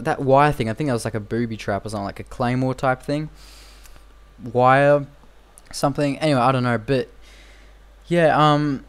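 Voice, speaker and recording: A young man talks over his gameplay in a loose, rambling way, circling back and repeating himself, with "you know" and "like" all through it. His voice sits at a middling pitch for a man. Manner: rambling and repetitive, with frequent fillers. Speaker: gameplay commentator. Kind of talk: casual game commentary.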